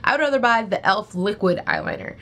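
A woman's voice: mid-range voice, wildly swooping pitch, fairly quick, creaky, pushed and bright, slight background noise. A young woman in a casual beauty vlog, chatting bluntly about makeup she is throwing out and filling her talk with "like". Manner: blunt, chatty, rambling with many "like"s. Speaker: beauty vlogger. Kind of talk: casual product review chat.

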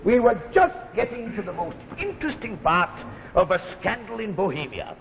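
An actor playing a genial, chuckling retired old professor with failing eyesight, in a live 1950s TV drama. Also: male voice, sits high, big pitch swings, normal speed, vocal fry, full character voice. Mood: genial musing. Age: older. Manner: chuckling, theatrical, musing. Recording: dull 1950s TV audio in a reverberant set.

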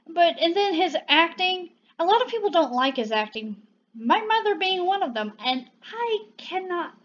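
A woman's voice: high-pitched, muffled recording, a little hiss or hum. A young woman, chatting casually and gushing playfully as a movie reviewer on her own channel.

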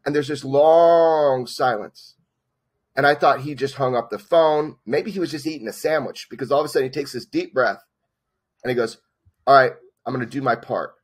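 A man in his forties, a documentary filmmaker and interview guest, telling a personal story in a lively way, acting out the dialogue and filling gaps with "like". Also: mid-range voice, normal speed. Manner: lively, acts out quoted dialogue, many "like" fillers.

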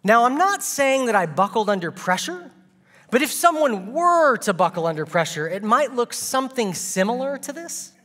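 Lively bright-voiced man preaching in a hall. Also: very high-pitched, normal speed. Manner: animated, comic storyteller with playful asides. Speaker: guest preacher. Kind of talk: sermon with humorous storytelling.

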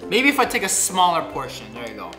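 Playful male unboxing host, lively sing-song delivery, roomy echo with music underneath. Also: fairly high pitch, fast. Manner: animated, teasing and pleading with a toy. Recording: echoey room with background music.

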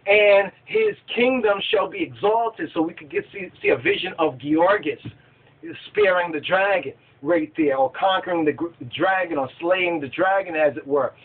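A man's voice: fairly high pitch, very animated, normal speed, slightly rough. A man leading a Bible study who reads verses aloud and keeps asking his listeners whether they understand. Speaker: scripture study teacher. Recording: tinny phone-like line.

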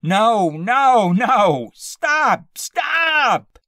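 A man voicing a terrified man screaming in the dark. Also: lowish voice, takes it slowly, no room sound, clean studio sound, far from the mic. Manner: pleading, rising to panicked screams.

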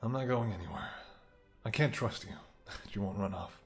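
A man's voice: on the low side, moderate pace, gravelly, faint music behind. A man playing a tender, protective bodyguard. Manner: soft, tender, gently scolding. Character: protective male bodyguard, tender, anxious lover. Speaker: voice actor. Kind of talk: whispered role-play.

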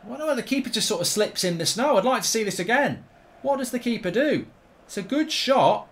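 A middle-aged man commentating on his own football video game, grumbling and swearing one moment and yelling the next. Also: very high-pitched, very animated, quick pace, slight background noise. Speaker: gaming streamer. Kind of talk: live gameplay commentary.

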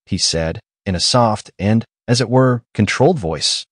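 A man narrating a classic novel audiobook in an expressive, measured voice, close to the mic. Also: fairly low pitch, slightly rough, no room sound. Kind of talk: scripted narration.

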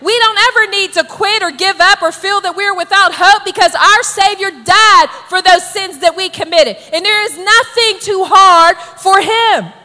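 A woman preacher delivering an emphatic, exhorting sermon that builds to shouted calls to the congregation. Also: very high-pitched, moderate pace, few pauses, in a large hall.

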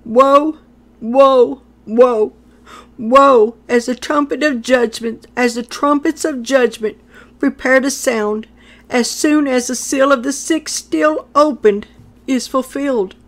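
A woman's voice: sits high, measured pace. A woman delivering a prophetic message in a solemn, declamatory way, repeating phrases for emphasis. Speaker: prophetic speaker.

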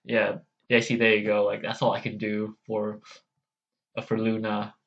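A man's voice: on the low side, completely flat delivery, moderate pace, creaky, a bit bright, dull audio. A man hosting a casual vlog, hesitant and self-deprecating as he tries out character voices. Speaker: channel host.

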